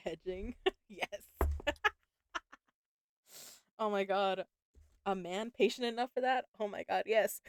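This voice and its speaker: Speaking slowly with long pauses, this woman has an animated, mid-range voice recorded with no room sound. She livestreams herself reading a novel from home, chatting with viewers, laughing a lot and swearing casually.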